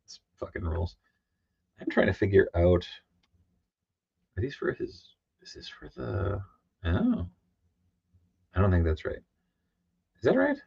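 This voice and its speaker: This comic artist's livestream features a low, gravelly, slightly rough voice that's expressive yet measured, with frequent pauses. Tired and casual, he rambles, restarts, uses lots of fillers, and reads out chat messages, and the sound is dry and dull lo-fi with no echo.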